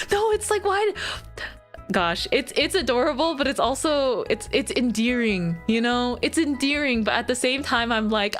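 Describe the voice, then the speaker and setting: Young woman streamer, giggly chatter, bright lively voice, soft music behind. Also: sits high, moderate pace. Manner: giggly, animated storytelling with squealed quotes. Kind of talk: casual chat with live viewers.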